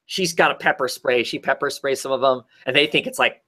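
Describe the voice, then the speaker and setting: A podcast co-host who reviews comics casually recaps a comic story, rambling with lots of fillers and restarts. His medium-pitched voice is bright and forceful, and he speaks briskly.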